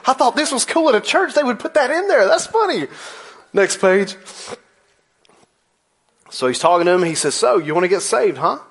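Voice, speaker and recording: A man's voice: very high-pitched, big pitch swings, normal speed, pauses often, a bit bright, breathy edge. A man in his forties preaching a sermon in a church, telling a story with playful asides. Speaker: pastor.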